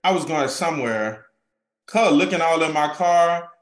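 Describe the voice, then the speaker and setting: A man's voice: fairly high pitch, normal speed. A man telling blunt, profane stories in a casual podcast chat. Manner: animated storytelling, blunt and profane. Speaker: podcast guest. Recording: roomy echo.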